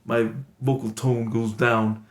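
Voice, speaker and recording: A man voicing a gruff, low-voiced mobster-type man who is easily frustrated and blusters menacingly. It is a comedy bit. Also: flat delivery, slow pace, close to an everyday voice. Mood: grumbling. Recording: echoey room, loud background noise.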